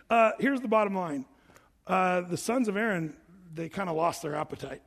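Male preacher, high voice, casual teaching sermon, reverberant hall. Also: moderate pace, gravelly. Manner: reads scripture aloud, then explains it in a casual, animated way. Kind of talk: evening Bible study sermon.

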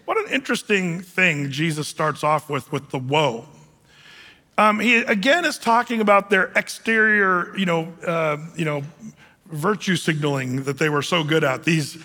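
A man's voice: on the high side, normal speed, sharp tone, long reverb tail. A man who is a pastor, preaching a verse-by-verse sermon in a conversational, joking way with many fillers.

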